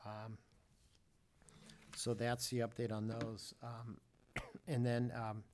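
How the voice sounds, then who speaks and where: A man chairing a formal public meeting, speaking in a measured, halting way with frequent fillers. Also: mid-range voice, completely flat delivery, a little mellow, a little hiss or hum.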